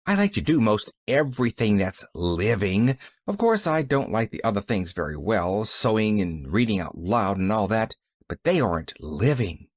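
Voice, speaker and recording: Bubbly earnest little girl, lively sing-song delivery, dry close sound; a male narrator puts her on. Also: on the low side, moderate pace, no echo. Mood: eager. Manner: earnest, bubbly, keen to please. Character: cheerful eager young girl.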